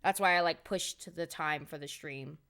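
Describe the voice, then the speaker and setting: A woman's voice: deep voice, moderate pace, a bit bright. A woman game streamer chatting casually on a live stream, rambling and swearing as she vents her exasperation. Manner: profane, rambling, exasperated venting.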